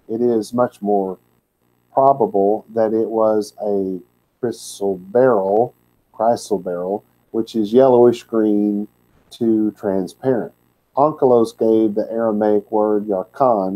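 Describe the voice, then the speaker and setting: Guy going thru scripture word by word, real slow, plainspoken, tosses in candid asides. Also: on the low side, dark tone, rough recording. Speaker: Bible teacher.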